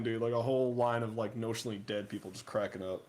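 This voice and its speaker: A young man co-hosting a podcast, telling profane, animated stories about training and acting out other people's voices. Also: on the low side, fast, slight background noise. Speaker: podcast co-host. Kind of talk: casual storytelling chat.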